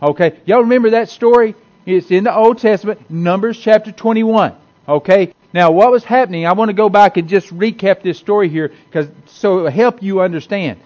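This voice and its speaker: A man's voice: high voice, normal speed, darkish tone, dull audio. A man preaching a sermon to a congregation in a folksy, conversational way, repeating himself and restarting often. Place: church hall with a congregation.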